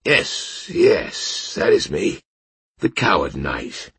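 A man's voice: sits low, very animated, very slow, a bit bright, husky, no echo, heavily acted. A man voicing a slurring drunken disgraced knight. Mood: maudlin. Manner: slurred, wistful.

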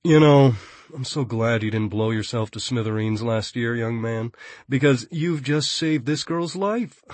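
A man's voice: medium pitch, measured pace, a little mellow, dry recording, lightly acted. A man voicing a cheerfully menacing adult bounty hunter in an audiobook, taunting and mock-cheerful. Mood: smug. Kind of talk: audiobook character reading.

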